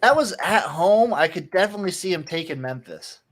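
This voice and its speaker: Male podcast co-host, slightly higher voice, relaxed picks chat with a blunt edge. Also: brisk. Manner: laid-back, opinionated, swears casually. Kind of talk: casual sports betting chat.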